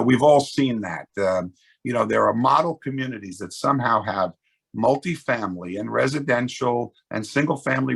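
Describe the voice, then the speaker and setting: Male real estate exec, webinar guest; raspy, gravelly delivery, earnest and full of restarts. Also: mid-range voice, fairly bright tone. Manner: earnest, explanatory, many restarts. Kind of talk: webinar panel discussion.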